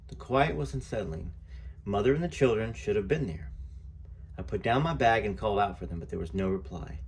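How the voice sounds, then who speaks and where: A man's voice: fairly low pitch, a little mellow, breathy edge. A man reading a memoir aloud as a channel host, chatty, with fillers and self-corrections. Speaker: book reader and channel host.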